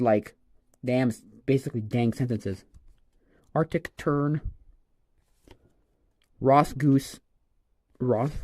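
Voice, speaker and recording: A man on a casual livestream, rambling and exclaiming excitedly as he opens trading cards. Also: medium pitch. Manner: excitable, rambling, exclaims over each card. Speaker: streamer opening a card pack.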